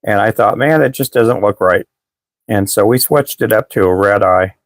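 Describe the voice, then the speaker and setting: Selling fishing lures on a laid-back live stream, this host speaks at normal speed in a fairly low voice, recorded dry. He rambles to viewers, restarts sentences often, and mentions that his voice is going.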